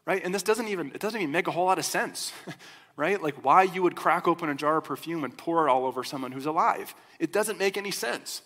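A man preaching a sermon as a pastor, in a conversational, animated storytelling way. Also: a little high, quick pace. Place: church sanctuary. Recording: long hall reverb.

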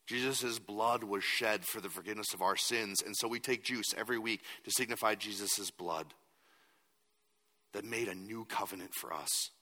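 A man's voice: fairly low pitch, moderate pace, bright, forceful tone, big-room sound. A man preaching a sermon as a pastor, earnest and at times emphatic.

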